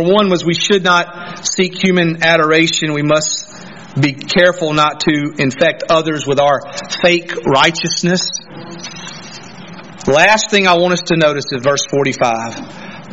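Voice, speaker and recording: Guy preaching a sermon, high bright voice, slow and animated, kinda muffled recording. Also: a little hiss or hum. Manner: animated storytelling, acting out indignant voices. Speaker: pastor.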